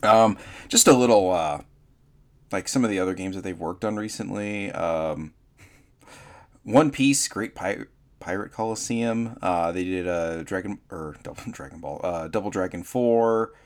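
A man's voice: low voice, unhurried. A man hosting a gaming podcast, chatting casually with plenty of fillers and trailing asides. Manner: laid-back, many fillers and trailing-off asides. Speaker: podcast host. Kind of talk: casual chat.

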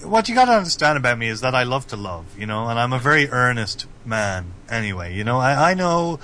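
A man guesting on a casual podcast, talking in a deadpan monotone. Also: mid-range voice, a little fast, slight background noise.

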